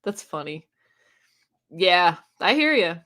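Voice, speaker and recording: A woman's voice: lowish voice, sing-song, takes it slowly, fairly bright tone. A woman hosting a casual live stream, reading viewers' comments aloud and chatting with them, laughing often. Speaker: booktube live-stream host.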